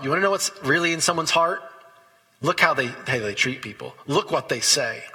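A man's voice: on the high side, fairly quick, bright, forceful tone, breathy edge, in a large hall, low-quality recording. A man preaching a sermon as pastor, talking conversationally and telling stories between scripture readings.

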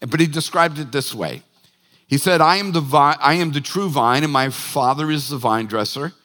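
A man's voice: on the high side, moderate pace, pushed and bright. A male pastor preaching a sermon in a chatty, joking way, often breaking off mid-sentence to restart. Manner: chatty, joking, self-interrupting. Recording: long reverb of a church hall.

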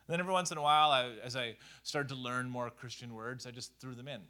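A man preaching a conversational sermon in a lively, animated way, full of casual fillers. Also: mid-range voice, quick pace. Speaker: pastor.

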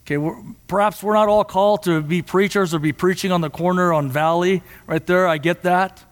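A man preaching a sermon in a church, impassioned and at times rising to near shouts. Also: high-pitched, fairly even intonation, brisk, big-room sound. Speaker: pastor.

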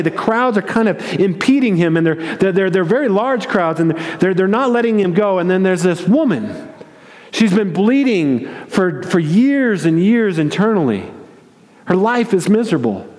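Man preaching with a lively storytelling manner. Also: sits high. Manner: vivid retelling with repeated words and acted-out quotes. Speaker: pastor. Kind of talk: sermon storytelling. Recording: long reverb of a large hall.

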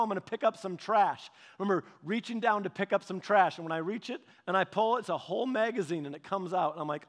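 High-voiced animated preacher in a reverberant hall. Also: male voice. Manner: animated storytelling with repetitions and restarts. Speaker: pastor. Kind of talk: sermon.

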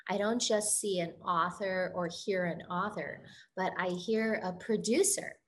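A woman's voice: on the low side, steady tone, measured pace. A woman host asking interview questions in an admiring, encouraging way.

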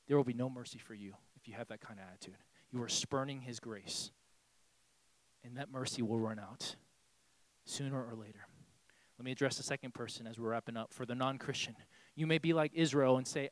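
A man preaching a sermon as pastor in a church, impassioned and pleading, swinging from hushed tones to shouting. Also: mid-range voice, a little fast, no echo. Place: church hall.

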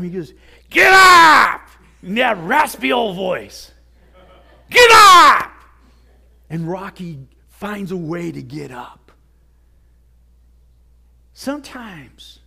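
A male pastor preaching a sermon with earnest exhortation, dropping to near whispers and rising to shouts. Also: high voice. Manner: swings from hushed to shouting.

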